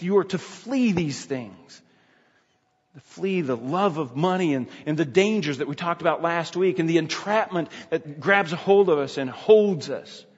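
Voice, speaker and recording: A pastor with a slightly high, breathy voice preaches an expository sermon with emphasis, repeating key phrases and often restarting his sentences. The sound is dull, with a long hall reverb.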